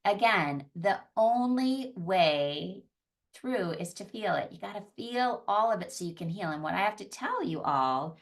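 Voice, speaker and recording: Female psychologist and yoga teacher, earnest conversational teacher, lowish voice, slightly distant mic. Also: a bit bright. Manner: earnest, conversational, often restarts and repeats phrases. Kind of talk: teaching talk on emotional healing.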